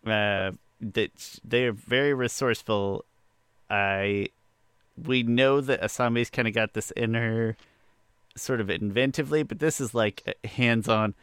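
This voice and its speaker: A man's voice: lowish voice, steady tone, moderate pace, a bit bright, clear, resonant tone, no room sound. A man co-hosting a podcast in casual chat, dropping dry joking asides and movie quotes. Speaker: podcast co-host.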